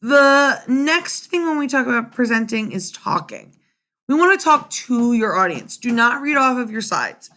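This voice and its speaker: A young woman teacher speaks to her students over a webcam at home, with a bright, forward tone. Her voice sits a little high and moves with animated emphasis. She keeps checking in with a quick "right?". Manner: animated, addresses students directly with frequent "right?". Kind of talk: remote classroom lesson. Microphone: computer webcam mic.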